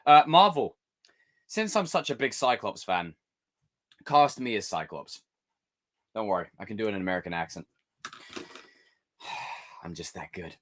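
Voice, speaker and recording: Lively joking male streamer. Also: on the low side. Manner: animated, jokey, talks to chat. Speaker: live stream host. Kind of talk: casual live stream chat.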